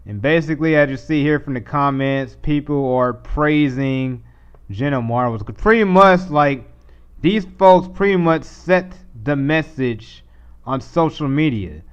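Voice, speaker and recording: Smooth-voiced man ranting on a live stream. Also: a little high, unhurried, lo-fi sound. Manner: rambling, restarts, mocking put-on voices. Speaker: live stream host reacting to videos. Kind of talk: casual commentary over a played clip.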